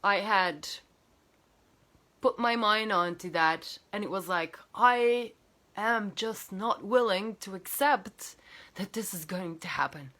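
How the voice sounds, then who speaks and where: Woman coach telling her own story, lively and emotional, lots of likes and restarts, medium pitch. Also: takes it slowly. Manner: animated, emotional retelling with many fillers and restarts. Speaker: healer and coach. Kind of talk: personal storytelling to camera.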